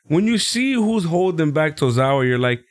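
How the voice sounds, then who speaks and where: A man at a moderate pace recaps a wrestling show as a podcast co-host, in clean studio sound with no room noise. His casual chat is animated, he laughs often, and he acts out quotes with high voices.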